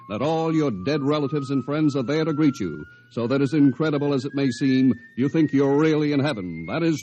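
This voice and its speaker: A man giving a measured, formal radio announcement. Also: mid-range voice.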